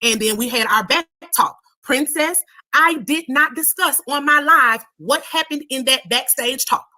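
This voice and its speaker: Casting: high, bright woman, firm and insistent live-stream panelist. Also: unhurried. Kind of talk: heated live-stream argument.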